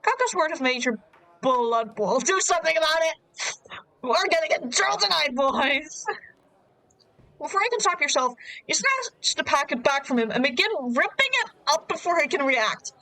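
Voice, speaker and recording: A woman's voice: high-pitched, lively intonation, normal speed, bright, forceful tone, no room sound, rough recording. A woman streamer reading a dating sim aloud and adding wry, amused asides, on a close desk mic.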